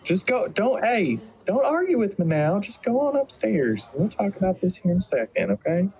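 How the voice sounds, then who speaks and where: A man voicing a doting elven mother who squeals and fusses in a high Southern drawl. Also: big pitch swings, normal speed, a little mellow, slightly rough, rough recording. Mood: bossy.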